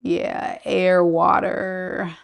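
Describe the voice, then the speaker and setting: A woman's voice: fairly low pitch, flat delivery, drawn-out words, gravelly. A woman tarot reader, chatting on a live stream, reading viewers' comments aloud and laughing often. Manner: chatty, reads chat aloud, frequent laughter.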